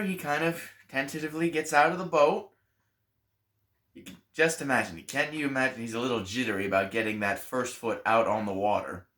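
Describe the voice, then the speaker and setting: A male pastor leading a Sunday school storytelling lesson. He tells the story in an animated way and turns soft for emphasis. His voice is bright and unhurried. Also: medium pitch.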